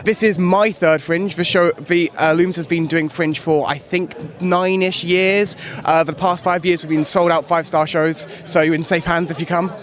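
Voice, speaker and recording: A man's voice: fairly high pitch, steady tone, moderate pace, few pauses. A young man, a student performer and beatboxer, eagerly listing his group's achievements in a street interview. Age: young adult. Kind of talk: casual interview. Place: outdoors on a busy street.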